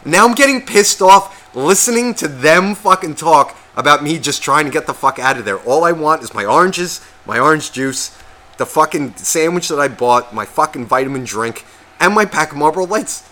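Sick guy on a podcast, bright tense voice, swears a lot, mocks himself while acting out everyone in the story. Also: on the high side, expressive, moderate pace. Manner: profane, self-mocking storyteller acting out quotes. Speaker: podcast co-host. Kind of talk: casual storytelling chat.

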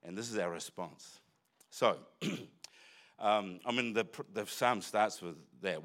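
A man's voice: fairly low pitch, lively intonation, takes it slowly, fairly bright tone. A man preaching a sermon in church, talking conversationally with asides and restarts. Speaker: pastor.

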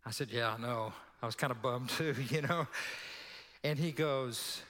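A man's voice: medium pitch, moderate pace, a bit bright. A male pastor preaching a sermon in a conversational, storytelling way, with laughing asides and acted-out quotes. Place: church sanctuary. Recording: long church hall reverb.

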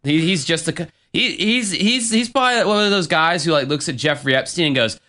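A man's voice: a little high, expressive, brisk, bright, forceful tone. A man co-hosting a casual podcast chat, venting bluntly with plenty of swearing. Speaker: podcast co-host.

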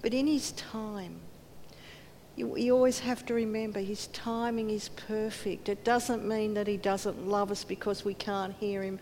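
Her delivery flat, a little slow and slightly mellow, this preacher gives an earnest sermon. She voices quoted speakers and at times sinks to near whispers, with hall reverb and a faint rumble in the audio.

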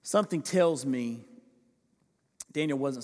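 A man preaching a sermon as pastor, impassioned, swinging from loud pleading to hushed asides. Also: a little high, lively intonation, a little slow, long reverb tail. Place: large church sanctuary.

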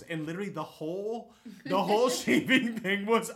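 A man in his forties, a guest on a comedy talk show, telling a story with animated delivery and acting out the people in it. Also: high voice, normal speed. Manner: animated, acts out quoted people. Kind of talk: comic storytelling.

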